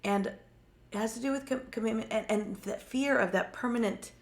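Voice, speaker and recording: A woman co-hosts a live psychic-reading stream, speaking quietly and a bit hesitantly because of a sore throat. Her voice is on the high side at a moderate pace, and she often repeats words while searching for her impressions.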